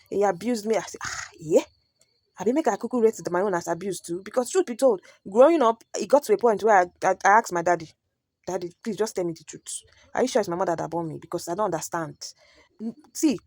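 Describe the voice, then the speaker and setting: A woman's voice: medium pitch, darkish tone. A Nigerian woman hosting a reaction video, chatty and storytelling, slipping into pidgin. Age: adult parent. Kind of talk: casual reaction commentary.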